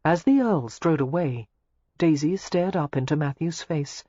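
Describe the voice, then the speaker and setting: Audiobook narrator, measured reading, husky breathy tone, dry room, slightly dull sound. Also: medium pitch, no room sound. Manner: measured, even storytelling. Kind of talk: scripted narration of a romance novel.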